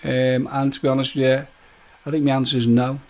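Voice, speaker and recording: Hosting a laid-back live stream, this man speaks in a mid-range, level voice that's fairly quick and a little mellow. He's chatty and jokey, calls viewers by name, and wanders through his talk with many fillers and false starts.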